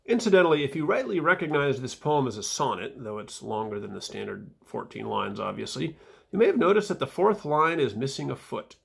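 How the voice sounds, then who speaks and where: A man reading his own footnotes aloud in a casual vlog, dry and wry, with fillers and soft mumbled asides. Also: mid-range voice, animated, a little fast, gravelly, breathy edge.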